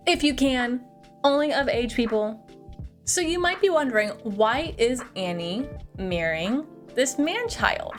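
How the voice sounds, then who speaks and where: A young woman casually recapping a film, chatty and full of fillers, swearing freely. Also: mid-range voice. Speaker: movie reviewer.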